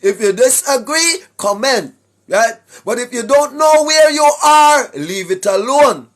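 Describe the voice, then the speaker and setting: A Jamaican man giving a preachy monologue to his viewers, emphatic, often shouting, tagging his points with questions. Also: very high voice, animated, measured pace. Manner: emphatic, often shouting, tags lines with "right?". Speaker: online commentator.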